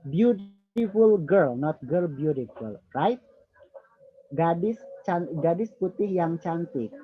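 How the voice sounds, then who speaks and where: Slow-talking Indonesian man tutoring English. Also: fairly high pitch, animated, breathy edge. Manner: repeats words slowly while correcting pronunciation. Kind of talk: online feedback lesson. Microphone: video call. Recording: dull lo-fi video call audio.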